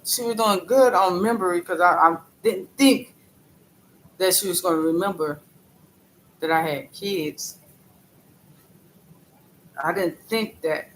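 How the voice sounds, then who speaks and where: A man chatting on a live stream, telling a story haltingly, repeating phrases and greeting viewers by name. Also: high voice, a bit bright, a little hiss or hum, rough recording. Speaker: livestreamer. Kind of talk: casual live-stream talk.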